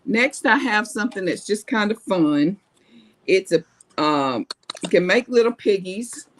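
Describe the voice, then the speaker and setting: A woman's voice: medium pitch, expressive, a little slow. A woman co-selling on a live vintage sale, chatty and homey, drifting into personal asides. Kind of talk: casual live-stream sales chat.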